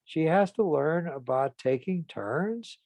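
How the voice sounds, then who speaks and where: A man voicing a calm, firm woman partner who sets limits in a measured, plain-spoken way. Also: a little high, dry recording, voice pushed up.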